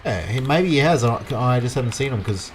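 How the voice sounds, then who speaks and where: A relaxed Australian bloke rambles through live commentary as he plays, answering his chat between tasks. His voice sits at an ordinary middle pitch, with a faint hum of game vehicles under it. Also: fairly quick. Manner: chatty, rambling, talks to chat viewers. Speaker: livestream gamer. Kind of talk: casual live gameplay commentary.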